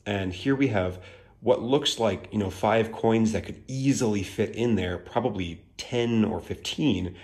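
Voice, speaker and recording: A chatty man talks through a card deck in a loose, excited video review. His voice sits a little low, and he keeps piling on casual fillers as he gushes. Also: unhurried. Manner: gushing, chatty, full of filler likes.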